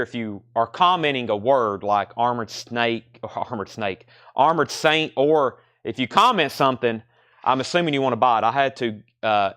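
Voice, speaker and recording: A man runs a live record sale, rattling off titles and prices while answering comments. His voice is smooth and resonant at a middle pitch. The sound is dry and close, with no room around it. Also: fairly bright tone, no echo. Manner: fast, running price calls and reading comments. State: out of breath. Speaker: record store host selling live. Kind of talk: live sales stream chat.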